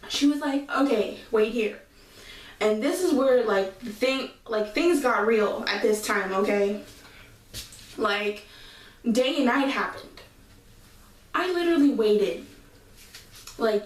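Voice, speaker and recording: Young woman vlogger, higher voice, chatty slangy storyteller, roomy echo, a bit off-mic. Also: far from the mic. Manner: animated, slangy, full of fillers and asides to viewers. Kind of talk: casual storytime.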